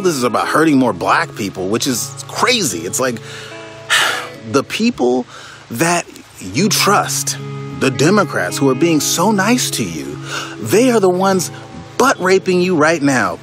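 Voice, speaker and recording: A young man delivering an impassioned, exasperated political rant, swinging between weary sighs and raised outbursts. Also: a little high. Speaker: commentator.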